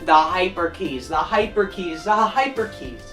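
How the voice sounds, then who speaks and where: A woman giving an opinionated review monologue, animated and exclaiming, often ranting. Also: fairly low pitch, unhurried, loud music behind the voice. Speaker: video reviewer.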